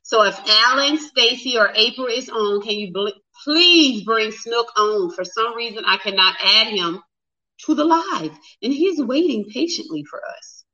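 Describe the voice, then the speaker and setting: A flustered woman chatting live with her viewers, her voice bright and forceful. The sound is a little dull and lo-fi. She talks casually and addresses everyone as y'all. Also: a little high, animated, measured pace. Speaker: livestream host.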